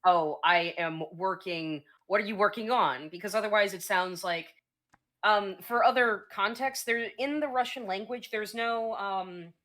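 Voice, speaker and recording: A woman's voice: mid-range voice, a little slow, fairly bright tone. A woman streamer chatting casually, explaining things in a hesitant way with many fillers and restarts.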